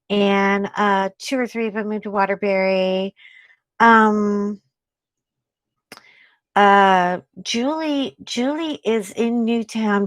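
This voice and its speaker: A woman hosting a casual craft live stream, chatting excitably with viewers and breaking into gasps and "oh my God" exclamations. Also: a little high, dry recording.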